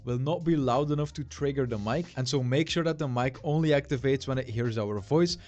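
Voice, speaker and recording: A man talking through audio settings step by step in a plain, steady voice. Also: medium pitch, a little fast. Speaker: tutorial narrator. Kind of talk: step-by-step instructions.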